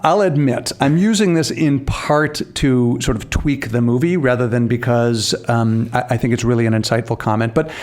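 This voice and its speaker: A man's voice: mid-range voice, moderate pace, few pauses, darkish tone. A man co-hosting a casual podcast, talking animatedly with laughing asides and frequent restarts. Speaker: podcast co-host.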